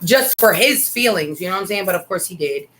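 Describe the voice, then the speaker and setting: A woman's voice: on the low side, expressive, fairly quick, a bit bright, slight background noise, poor audio. A middle-aged woman and mother co-hosting a casual talk show, telling a family story with candid asides. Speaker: podcast co-host, mother.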